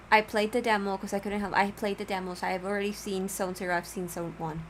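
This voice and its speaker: A woman streamer giving casual let's-play commentary, gushing, excitable and giddy. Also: medium pitch, quick pace, hardly any pauses, a little hiss or hum.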